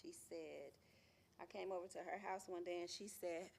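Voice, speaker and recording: A woman performing spoken word poetry live with an emphatic, rhythmic delivery and pauses that hang between phrases. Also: lowish voice, steady tone, creaky, a little mellow. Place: community music venue, live performance. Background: guitar playing.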